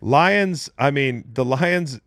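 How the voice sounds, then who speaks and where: Man, sports show host, wisecracking, drawling asides, mid pitch, dry close sound. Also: animated, slow pace, a bit bright, no room sound. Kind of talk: casual sports chat.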